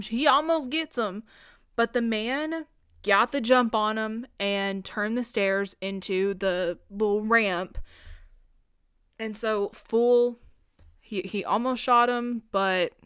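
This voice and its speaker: A young woman hosting a podcast, casually retelling a film's plot in a chatty, profane way and slipping in quick voices for the characters. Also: mid-range voice, fairly bright tone, clean tone, dry recording, studio quality. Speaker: podcast host. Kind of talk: casual film recap.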